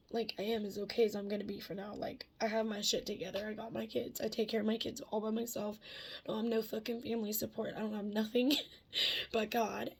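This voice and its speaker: Husky woman in a rambling vlog. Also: fairly high pitch. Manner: candid and rambling, swears freely, laughs often. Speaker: vlogger. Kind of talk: casual confessional talk to camera.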